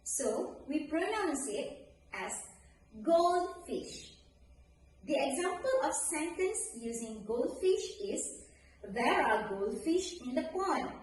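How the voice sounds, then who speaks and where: A woman teaching an English grammar lesson to pupils, speaking slowly and clearly in a sing-song way. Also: high-pitched. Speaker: primary school English teacher. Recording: echoey room, distant mic, faint noise.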